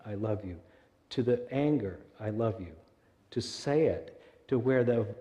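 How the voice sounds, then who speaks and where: Male minister with a warm, mellow voice. Preaches conversationally and keeps checking in with "right?". Church hall reverb. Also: mid-range voice, highs cut off. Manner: conversational, often asks the congregation rhetorical questions. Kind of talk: sermon. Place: church sanctuary.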